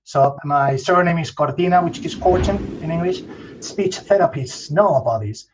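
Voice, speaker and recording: A man's voice: on the high side, normal speed, highs cut off, noisy background. A man from Spain, a guest in a casual interview, talking eagerly and repeating himself for emphasis.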